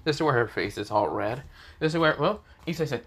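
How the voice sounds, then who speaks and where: A man narrates his own fan story off the cuff, stumbling through it with constant fillers and restarts. His voice sits in an ordinary middle pitch, and his telling stays hesitant and rambling. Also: animated, brisk, fairly bright tone, husky.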